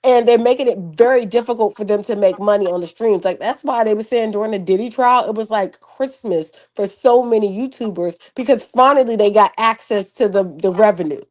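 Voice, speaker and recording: A woman's voice: mid-range voice, fairly quick, few pauses, a little mellow. A woman with a mid-range voice chats loosely on a podcast. She rambles, leaning on filler words as she works out her point. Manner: rambling, many filler likes. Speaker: podcast co-host. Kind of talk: casual chat.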